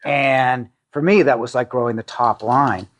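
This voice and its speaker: A man's voice: medium pitch, steady tone. A middle-aged man from the Boston area, a company CEO, talking casually in an interview, with frequent restarts and fillers. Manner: halting, many restarts and fillers, self-deprecating.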